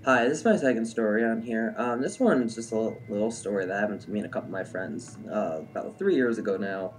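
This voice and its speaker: A man's voice: lowish voice, fast talker, a little hiss or hum. A young adult man telling a personal story in a casual, rambling way, full of "like" and "um". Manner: rambling, heavy use of "like" and "um".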